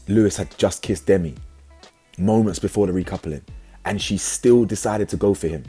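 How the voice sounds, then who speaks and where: A man giving a casual, slangy reality show review, animated and full of restarts. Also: lowish voice, breathy edge. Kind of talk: casual commentary.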